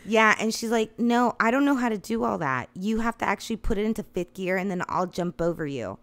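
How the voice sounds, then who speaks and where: A woman's voice: mid-range voice, brisk. A woman in her thirties casually telling a long funny story, swearing freely and laughing along the way. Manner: profane, animated, laughing. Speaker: storyteller guest.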